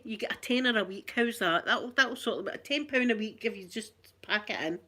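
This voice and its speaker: A woman's voice: a little high, a little fast, hardly any pauses, sharp tone. A woman with a Scottish accent chatting casually to her viewers on a phone, rambling and laughing often. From Scotland. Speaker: channel host.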